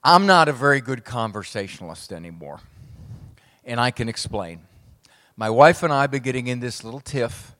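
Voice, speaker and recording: A middle-aged man, a psychologist, giving a humorous speech to a live audience with wry, punchy, deadpan jokes. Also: mid-range voice, normal speed. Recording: long hall reverb.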